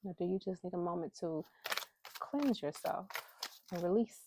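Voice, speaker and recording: Woman, casual spiritual vlog, low voice, gravelly fry, heartfelt and candid, close phone mic. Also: moderate pace, noisy background. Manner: heartfelt, candid, with bursts of emphatic pleading. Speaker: spiritual vlogger drawing inspiration cards. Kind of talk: casual spiritual talk to camera. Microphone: phone camera held close.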